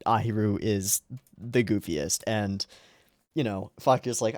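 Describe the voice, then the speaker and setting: A man's voice: lowish voice, measured pace, darkish tone, dry recording, studio quality. A man hosting an anime reaction channel, rambling through casual episode commentary and swearing freely along the way.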